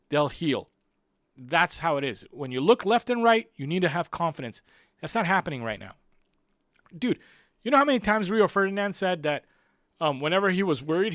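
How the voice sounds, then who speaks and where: A man's voice: high voice, a bit bright, no echo, studio quality. A man hosting a live-stream football fan show, talking emphatically, repeating his points and speaking straight to viewers. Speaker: football channel host.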